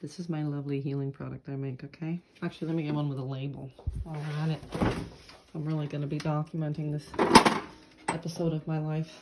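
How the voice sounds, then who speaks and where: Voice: mid-range voice, flat delivery, fast talker. A vlogger chatting casually to camera in a home kitchen, playful and rambling, full of quirky wordplay. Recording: loud background noise.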